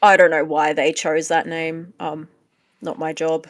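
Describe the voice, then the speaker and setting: Low-voiced woman co-hosting a chatty podcast. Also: level tone, a little slow, no room sound, clean studio sound. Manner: chatty and playful, teasing. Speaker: podcast co-host. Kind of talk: casual chat.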